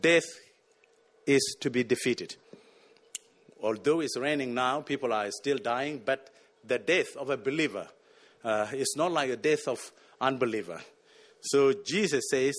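A man's voice: medium pitch, a little slow. A man preaching a sermon, emphatic and repeating words as he searches for them.

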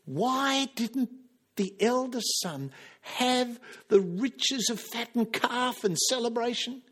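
Animated high-voiced male preacher. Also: slow, husky. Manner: impassioned, acts out quoted lines. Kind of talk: sermon.

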